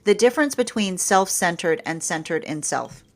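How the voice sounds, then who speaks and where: A woman's voice: lowish voice, lively intonation, moderate pace, over loud music. Rambling woman giving a tarot reading. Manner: rambling, laughs often, many restarts. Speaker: tarot reader. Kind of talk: casual spiritual reading.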